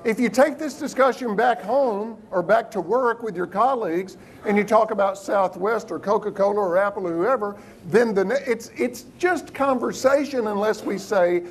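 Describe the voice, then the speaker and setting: High-voiced, lively male business speaker. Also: moderate pace, hardly any pauses. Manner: lively, engaging, questions the audience. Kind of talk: motivational talk to a live audience.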